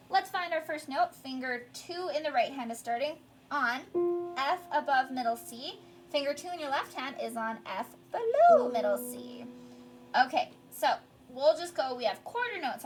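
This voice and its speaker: A young woman teaching an online piano lesson, explaining patiently step by step and encouraging her student. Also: sits high.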